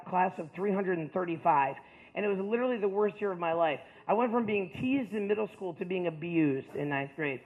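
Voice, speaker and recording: A man with a high voice tells a school audience about his life, joking loudly and then dropping to a quieter, plainer tone. The sound is narrow and tinny, as if carried over a phone line. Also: creaky. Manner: animated, joking, shifts between loud punchlines and quiet stretches. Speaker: motivational speaker. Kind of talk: storytelling talk to students.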